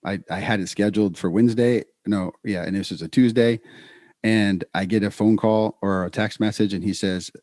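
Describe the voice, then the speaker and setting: Lowish-voiced man telling stories on a podcast. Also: no room sound, studio quality. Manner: storytelling, animated, quick restarts. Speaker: podcast co-host. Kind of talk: casual podcast chat.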